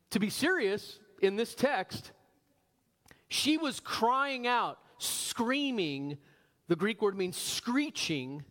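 A man preaching a sermon as pastor, animated, asking the congregation rhetorical questions and slowing down for emphasis. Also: very high-pitched. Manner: varies pace, slows for emphasis.

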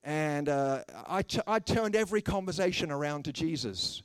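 His voice is on the high side with lively intonation, normal speed, and few pauses, captured in a clean, dry recording. A man from Britain with a British English accent, he preaches a humorous sermon, acting out the voices in his anecdotes with dry, self-mocking wit.

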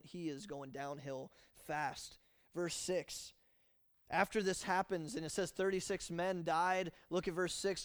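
Animated high-voiced male preacher. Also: dry recording, clean studio sound. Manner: animated, conversational, quick to laugh. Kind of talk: sermon.

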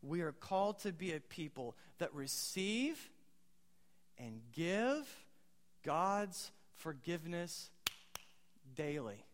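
Guy pastor preaching, kinda high voice, chatty w the crowd, big echoey church room. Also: big pitch swings, takes it slowly, long pauses. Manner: conversational preaching with audience questions and quoted one-liners. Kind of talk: sermon.

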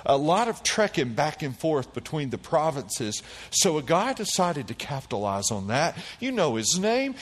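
A man preaching a sermon, calling out to the congregation and swinging between quiet low passages and loud high bursts. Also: big-room sound. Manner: animated preaching with call-and-response. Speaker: pastor.

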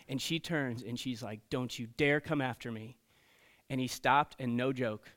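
A man preaching to teenagers as a youth pastor, telling stories in an animated way and checking in often with "okay?" and "right?". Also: fairly high pitch. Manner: storytelling, animated, frequent "okay?" and "right?" asides. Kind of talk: sermon to teenagers.

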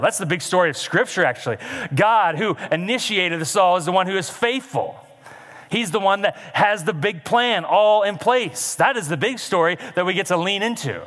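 A man's voice: high voice, fairly bright tone, long reverb tail. A man preaching a sermon in a conversational way, adding wry asides to the scripture reading. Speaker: pastor.

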